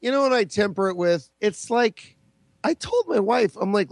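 A man's voice: high voice, lively intonation, a little fast, no room sound, clean studio sound. A man in his forties, a podcast co-host, rambling through comic anecdotes with laughs between lines. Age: 40s. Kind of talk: casual comedic storytelling.

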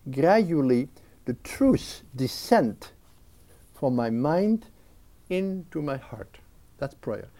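A man talking earnestly and reflectively about prayer in an interview, often restarting sentences and briefly acting out restless thoughts. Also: mid-range voice. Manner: earnest, with frequent restarts and lively mimicking of racing thoughts. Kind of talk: reflective spiritual talk.

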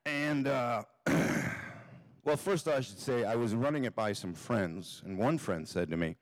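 A man's voice: medium pitch, animated, takes it slowly, no echo. Wry, profane man telling a story. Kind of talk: live comic storytelling. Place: theater stage.

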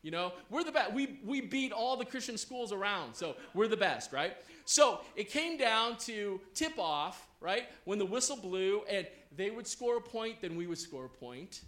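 A man preaching a story-led sermon before a congregation, animated, often checking in with listeners. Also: high-pitched, moderate pace, hardly any pauses, echoey room.

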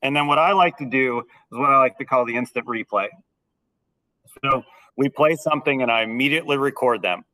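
A man's voice: mid-range voice, fairly quick, sharp tone, no room sound, poor audio. Earnest man explaining band teaching. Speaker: band director. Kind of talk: conversational interview.

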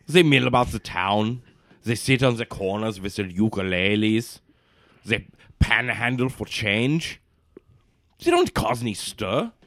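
A low-voiced man gives sweeping, lecturing speeches in character at a tabletop game. His pitch swings widely as he preaches. The sound is dry and close. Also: lively intonation, a little slow, a bit bright, no echo. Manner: grandiose, lecturing revolutionary speeches. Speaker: player. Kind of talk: in-character tabletop role-play.

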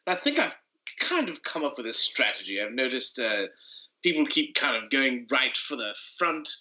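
A man playing a tabletop game, lively and playful, thinking aloud about his plans. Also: mid-range voice, moderate pace, poor audio. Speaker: player. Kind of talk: in-character tabletop play.

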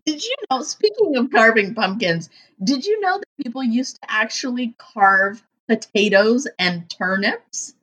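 Animated, foul-mouthed woman telling stories. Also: fairly high pitch, unhurried, hardly any pauses. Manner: animated, profane storyteller who acts out quotes. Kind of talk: casual chat.

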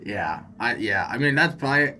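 A man's voice: mid-range voice, animated, normal speed, bright, forceful tone, slight background noise. A man co-hosting a podcast in playful, goofy banter. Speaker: podcast co-host.

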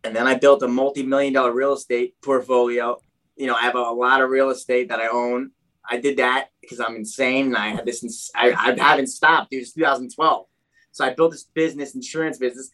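A young man telling his story in casual chat as a podcast guest, animated and fond of saying "dude", often restarting his sentences. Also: medium pitch, fairly quick.

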